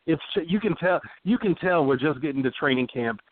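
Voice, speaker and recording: A man's voice: fairly high pitch, animated, fairly quick. Man co-hosting over a tinny line. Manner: joking, reads listener questions aloud. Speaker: podcast co-host. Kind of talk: casual podcast chat. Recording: dry, phone-like sound.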